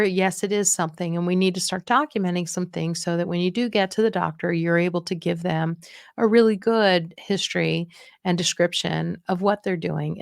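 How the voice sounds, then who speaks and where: Gravelly-voiced woman giving frank care advice. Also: fairly low pitch, dry recording, studio quality. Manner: frank, encouraging, acts out quoted voices. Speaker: dementia care podcast host. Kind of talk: casual advice talk.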